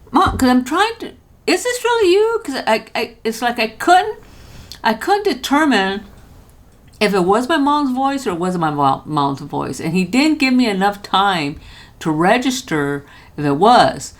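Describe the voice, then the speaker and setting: An older woman talks into her camera from a home studio and tells a story in a relaxed way. Her voice leaps up whenever she quotes someone. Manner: lively, jumps high when quoting others. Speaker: vlogger. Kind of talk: casual storytelling.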